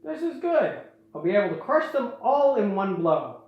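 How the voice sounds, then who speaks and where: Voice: mid-range voice, big pitch swings, normal speed, very echoey, lo-fi sound, lightly acted. A podcaster voicing a gloating villainous spider king who gives orders to his hordes. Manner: gloating, theatrical.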